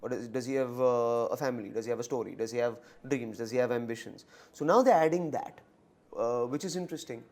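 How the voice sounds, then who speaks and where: A man with an Indian accent answering interview questions in a fast, animated way, switching between English and Hindi. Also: medium pitch. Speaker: actor and comedian guest.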